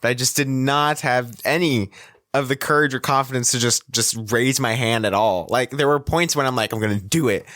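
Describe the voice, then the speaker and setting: A young man with a mid-pitched voice speaks softly and modestly as a podcast co-host. He laughs often as he talks, and the recording is dry and close. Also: normal speed, dry recording. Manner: soft-spoken, self-deprecating, laughs often. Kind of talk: casual chat.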